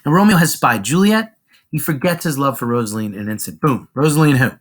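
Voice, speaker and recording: A man's voice: mid-range voice, fast talker. A man explaining a classic play to a class in a casual, slangy way, jumping in and out of voices for the characters. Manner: animated and slangy, acts out lines.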